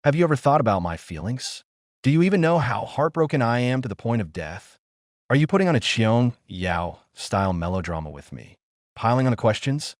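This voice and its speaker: A man's voice: mid-range voice, sing-song, fairly quick, no echo, clean studio sound, natural voice. A man reading as a tearful, manipulative young woman. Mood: tearful pleading. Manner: pleading, sobbing reproaches.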